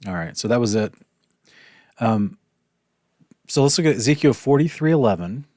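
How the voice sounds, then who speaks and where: A man's voice: medium pitch, animated, moderate pace, warm tone, dry recording, studio quality. A man teaching a casual Bible study lesson, talking things through conversationally with restarts and asides. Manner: conversational, thinks aloud with restarts and apologies.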